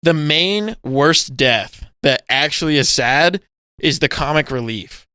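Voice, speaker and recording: A man co-hosting a casual podcast, recounting scenes with a lot of swearing and sudden acted-out yells. His voice is bright and crisp. It sounds close and dry, with no room around it. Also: on the high side, takes it slowly, no room sound. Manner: animated storytelling, swearing, loud acted-out yells. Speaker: podcast co-host. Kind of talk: casual chat.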